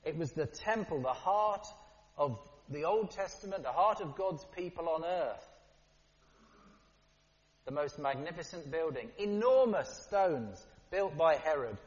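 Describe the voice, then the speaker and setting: A man preaching a sermon in a lively, conversational way, with playful asides. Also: a little high, unhurried. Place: church hall. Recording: dull, long-reverb church hall.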